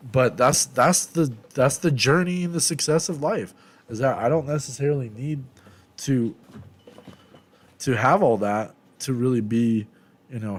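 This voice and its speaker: A young man records a candid confessional vlog, venting in a rambling way with heavy fillers and a lot of swearing. His voice is low and subdued, reflective in tone, and it trails off quietly.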